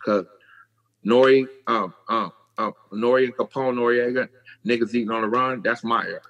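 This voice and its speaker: A middle-aged man from California, a podcast guest telling his life story in casual, animated talk, swearing freely and acting out the voices of people he quotes. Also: mid-range voice, normal speed, lo-fi sound.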